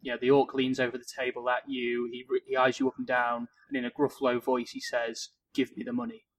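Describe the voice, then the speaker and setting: A man's voice: mid-range voice, brisk, rough recording. Encouraging podcast man. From Cheshire, England. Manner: encouraging, gives calm advice with small restarts. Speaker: podcast co-host. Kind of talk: casual podcast chat.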